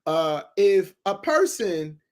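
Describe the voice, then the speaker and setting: A man's voice: high-pitched, very animated, slow pace, clean tone. A man, a guest on a talk show, speaking in an emphatic, preachy way about faith and everyday life. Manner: preachy and emphatic, acts out quoted voices.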